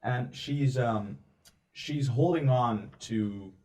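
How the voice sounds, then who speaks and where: A man narrating as game master of a tabletop game, pausing often and filling gaps with ums and likes. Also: mid-range voice, dark tone. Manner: hesitant, filler-heavy narration.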